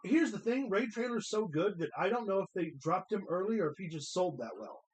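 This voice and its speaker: Excitable high-voiced man swearing through banter. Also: brisk, poor audio. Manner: excitable, swears a lot, laughs often. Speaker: co-host of wrestling watch-along. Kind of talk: casual profane banter.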